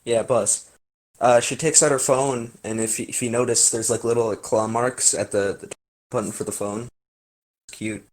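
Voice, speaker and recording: A man's voice: mid-range voice, fairly even intonation, moderate pace. A young man co-hosting a casual podcast, with a sarcastic, teasing way of talking. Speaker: podcast co-host. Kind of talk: casual chat.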